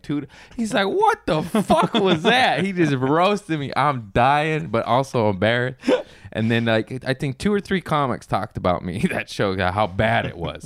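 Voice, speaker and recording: A man's voice: medium pitch, fairly bright tone, dry recording, clean studio sound. A man in his thirties, a stand-up comedian, chatting casually as a podcast guest, telling stories animatedly with swearing and acted-out quotes.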